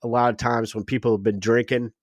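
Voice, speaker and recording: A man telling a story on a podcast, animated and acting out the dialogue of the people in it. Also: mid-range voice, fast, no echo. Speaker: podcast guest. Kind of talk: casual storytelling.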